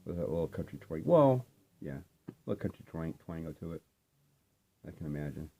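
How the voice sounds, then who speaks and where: Here an older man rumbles in a gravelly, dark, expressive voice, talking a little fast. He's a vinyl collecting vlogger giving a laid-back, rambling show-and-tell of his records, heavy on fillers.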